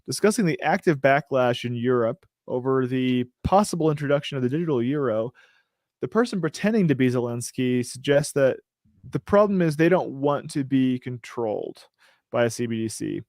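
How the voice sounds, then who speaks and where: A male host in mid pitch who reads news items aloud and keeps breaking into joking asides. His voice is recorded close and dry. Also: animated, normal speed, a little mellow, no echo. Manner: joking, riffing asides while reading. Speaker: show host. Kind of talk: casual chat reading news.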